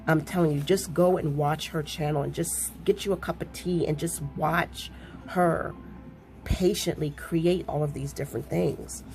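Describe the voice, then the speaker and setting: A woman chatting casually to her viewers, gushing and excitable, often repeating herself as she talks. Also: sits low, a little slow, gravelly, slight background noise. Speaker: crafting vlogger.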